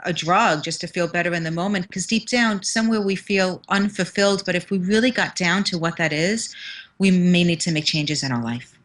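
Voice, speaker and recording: A woman's voice: fairly low pitch, fairly quick, a bit bright, low-quality recording. A woman with a New York accent, a confidence mentor speaking earnestly and emphatically on a video call interview. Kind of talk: interview conversation.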